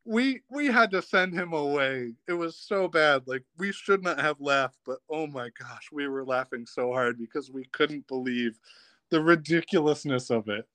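A man's voice: fairly high pitch, normal speed, no echo. Man telling camp stories with a dry, close sound. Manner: lively, laughs while telling stories. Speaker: podcast guest, former camp counselor. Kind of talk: casual storytelling.

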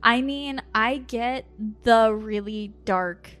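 A woman's voice: fairly high pitch, takes it slowly, fairly bright tone, faint music behind. A woman who hosts a podcast and works as a medium, telling a candid personal story in a casual way and laughing often.

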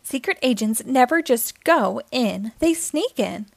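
A woman reading aloud and voicing an excitable young male cartoon spy leader who is quick to panic, in a storybook reading. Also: a little high, creaky, no room sound, exaggerated voice. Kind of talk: children's read-aloud.

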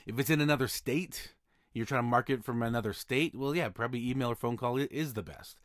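A man's voice: mid-range voice, brisk, no echo, studio quality. A man hosting a solo podcast, talking casually about his notary work, often repeating and restarting words. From Utah. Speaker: podcast host, mobile notary.

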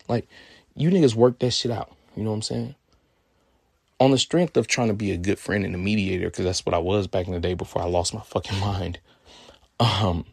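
Twenties guy from california spinning a story, lots of cussing, raspy, dry sound. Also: lowish voice, dry recording. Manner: profane, animated storytelling. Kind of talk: personal storytelling.

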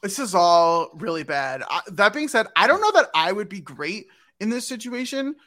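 Male co-host, wry and hesitant, bright voice. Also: sits high, sing-song, moderate pace. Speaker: podcast co-host. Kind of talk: casual chat.

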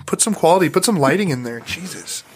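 A man's voice: fairly high pitch, expressive, fast, slightly rough. A man hosting a podcast, talking casually, laughing often and swearing freely. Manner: laid-back, profane, laughs a lot. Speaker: podcast host.

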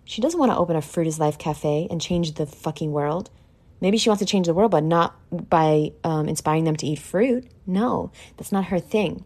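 A woman's voice: lowish voice, normal speed, darkish tone. A woman hosting a podcast, talking candidly and emotionally in a casual solo monologue, swearing freely. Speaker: podcast host.

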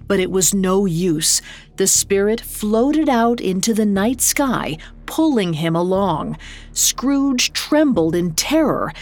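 Slow, measured woman narrator. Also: medium pitch, darkish tone. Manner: measured, unhurried storytelling. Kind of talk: scripted narration.

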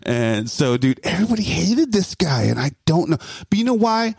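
Male podcast guest, lively profane storyteller, slightly high voice, dry close mic. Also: normal speed, vocal fry, breathy edge, no echo. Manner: animated storyteller, swearing, mimics voices. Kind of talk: casual podcast chat.

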